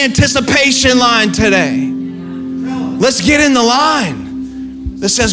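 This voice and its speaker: A man preaching a sermon as pastor, passionate, building to shouted exhortation. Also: very high-pitched, very animated, slow, long pauses. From family roots in the American South. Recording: faint music under the voice.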